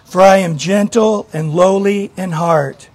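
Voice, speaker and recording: A man's voice: sits high, unhurried, darkish tone, no echo. A man preaching a sermon to a church congregation, earnest and questioning, often repeating a word as he starts. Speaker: pastor.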